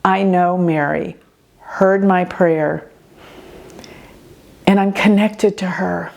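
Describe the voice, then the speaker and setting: Slow-talking older woman telling a personal story. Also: lowish voice, gravelly. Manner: earnest, expressive storytelling. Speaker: astrologer host.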